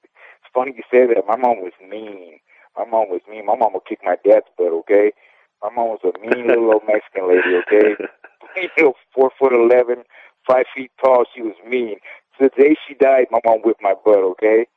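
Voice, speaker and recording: Brisk and candid, a fifty-something ex-boxer rambles through his memories during a casual phone interview, punctuating his points with "okay?" The middle-pitched voice comes through a thin, close phone line without any room sound.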